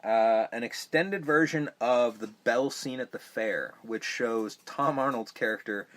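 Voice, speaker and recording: A man in casual podcast chat about a movie, with a middle-pitched voice. He rambles and swears freely, and he gets animated when he pokes fun at odd scenes. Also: unhurried. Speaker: podcast host.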